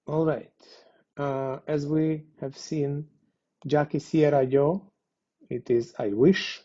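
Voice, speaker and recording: A man gives a language lesson at a very unhurried pace, with a mellow, dark tone. He pauses often and fills gaps with little hesitations. The recording sounds dull and lo-fi. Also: on the high side, steady tone. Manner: deliberate, pausing with many fillers. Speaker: language teacher. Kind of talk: slow explanatory lesson.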